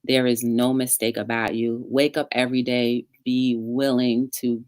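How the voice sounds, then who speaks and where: A woman hosting a casual online interview show, speaking in an encouraging, unhurried way with plenty of "um"s. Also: rumbling low, flat delivery, a little mellow, dry recording, clean studio sound. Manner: encouraging, filler-heavy, drawn-out phrasing. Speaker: talk show host.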